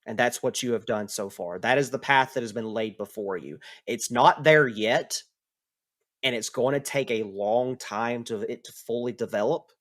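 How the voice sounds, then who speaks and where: A man narrating as the game master of a tabletop role-playing game, speaking in a slow, measured way. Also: mid-range voice, fairly bright tone.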